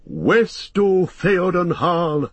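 A man's voice: high voice, expressive, drawn-out words, breathy edge, dry recording, pitched above the performer's own voice, exaggerated voice. A man reading an audiobook voices a young, loyal warrior greeting his king with fervent joy. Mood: joyful.

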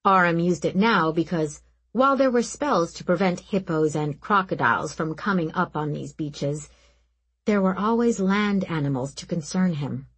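A woman reading a fantasy novel aloud in calm, even scripted narration. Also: fairly low pitch, normal speed, breathy edge, low-quality recording. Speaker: audiobook narrator.

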